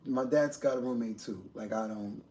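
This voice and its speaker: A man hosting a casual livestream, rambling to his viewers and swinging from low mumbles to loud outbursts. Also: moderate pace, a little hiss or hum. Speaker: livestream host.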